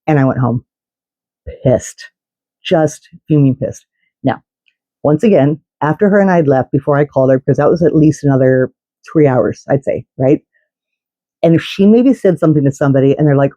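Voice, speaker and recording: Indignant woman telling a story, mellow voice. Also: deep voice, normal speed, dry recording, poor audio. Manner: indignant, swears, many restarts and asides. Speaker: vlogger telling a fan story. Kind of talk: casual storytelling.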